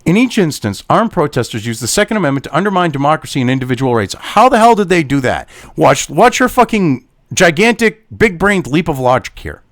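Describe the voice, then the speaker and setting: A man's voice: a little high, very animated, brisk, no echo, clean studio sound. A man hosting a political commentary show, reading an article aloud and ranting at it with profane, sarcastic insults. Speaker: commentary host. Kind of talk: angry political rant reacting to an article.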